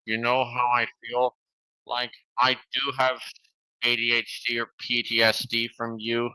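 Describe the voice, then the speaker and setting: A man streaming and chatting casually in a rambling, halting way. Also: medium pitch, completely flat delivery, sharp tone, clean tone, no room sound, poor audio.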